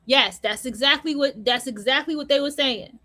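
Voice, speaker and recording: Blunt high-voiced woman ranting casually. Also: normal speed, bright, forceful tone. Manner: blunt, profane, slangy storytelling. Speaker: host. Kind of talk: casual monologue on an online radio show.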